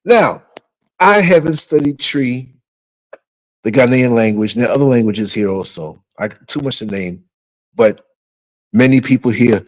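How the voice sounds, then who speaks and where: A man hosting a casual livestream, telling rambling, animated stories and reading comments from viewers. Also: mid-range voice, normal speed, long pauses, no echo, rough recording. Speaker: livestream host.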